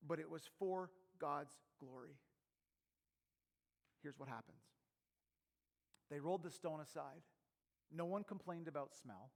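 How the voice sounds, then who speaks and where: A middle-aged man with a fairly high voice delivers a sermon as pastor. He drops to hushed, intimate asides and then builds to loud, emphatic calls to his listeners.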